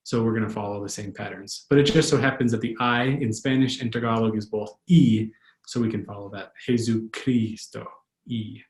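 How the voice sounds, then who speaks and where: A male language tutor giving a pronunciation lesson, patiently repeating words slowly. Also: mid-range voice, a little mellow. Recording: echoey room.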